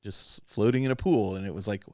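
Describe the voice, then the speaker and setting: Podcast host guy, low voice, rambly and candid, dry close sound. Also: fairly quick, warm tone, dry recording. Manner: rambling, candid, laughs often. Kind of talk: casual hobby chat.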